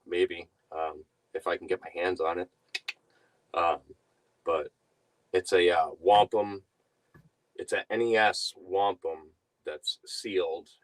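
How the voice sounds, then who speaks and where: A man's voice: sits low, low-quality recording. A young man telling a rambling story to his stream viewers, laughing often and breaking off mid-sentence. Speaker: reseller streamer.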